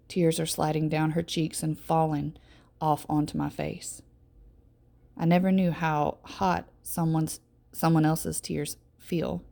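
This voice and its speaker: A teacher reading a first-person novel aloud to her class in steady, measured narration. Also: low voice, gravelly.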